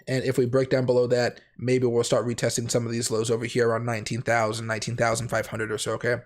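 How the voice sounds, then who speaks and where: A man hosting a casual trading livestream, raspy from a cold, rambling and correcting himself as he goes. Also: medium pitch, completely flat delivery, quick pace. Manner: rambling, self-correcting, chatty. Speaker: crypto trading livestream host.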